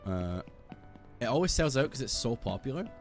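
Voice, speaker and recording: A British man streaming a game, chatting casually in a rambling, sweary, animated way. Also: mid-range voice, moderate pace, soft background music. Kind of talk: casual gaming stream chat.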